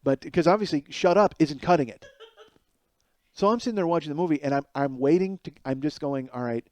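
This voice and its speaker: Man in his forties, podcast host; animated solo storyteller who swears freely and mocks himself. Slightly high, mellow voice, dry close sound. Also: brisk, dry recording. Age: 40s. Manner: animated, profane, self-mocking.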